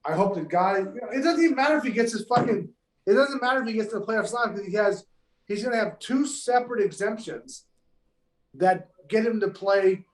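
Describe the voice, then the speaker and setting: A man's voice: high-pitched, lively intonation, brisk. A man, a professional golfer, telling stories in casual podcast chat, emphatic and heavily profane. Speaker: pro golfer guest. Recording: echoey room.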